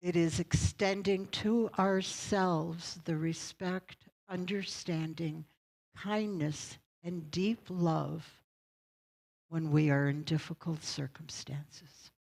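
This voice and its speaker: A woman's voice: lowish voice, steady tone, slow, creaky, darkish tone, poor audio. A woman pastor giving a sermon, telling a story in a conversational way and checking in with her congregation.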